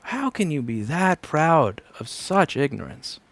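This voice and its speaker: A man's voice: fairly high pitch, very animated, a little slow, no room sound. A man in his thirties, a repair technician, chats casually and sardonically on a livestream, rambling and swearing freely. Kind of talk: casual livestream chat while working. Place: repair shop.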